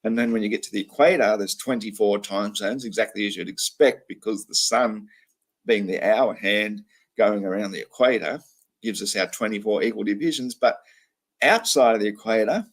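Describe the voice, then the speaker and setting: Low husky man rambling on a livestream. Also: normal speed. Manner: rambling, with frequent ums and restarts. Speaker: livestream host. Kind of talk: casual livestream chat.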